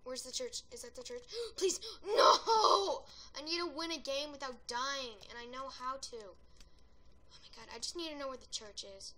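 A woman giving excitable gameplay commentary, yelling and gasping at wins and deaths and rambling chattily between rounds. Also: high voice, normal speed. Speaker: gaming video creator.

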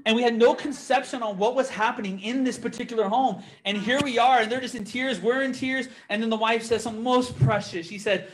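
A young man giving a testimony in a church, telling his story with lively quoted dialogue. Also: very high voice, a little fast, few pauses. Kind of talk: testimony sermon.

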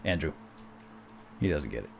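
A man giving excitable, chatty gameplay commentary, talking back to game characters as he plays. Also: extremely low pitch, normal speed, gravelly, breathy edge. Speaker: let's play host.

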